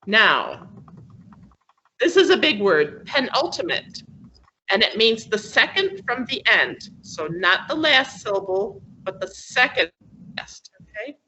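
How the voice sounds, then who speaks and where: A woman's voice: on the high side, bright, forceful tone, highs cut off, slight background noise. A woman teaching an English class, explaining patiently with many fillers and frequent checks for understanding. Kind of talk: classroom lesson on word stress.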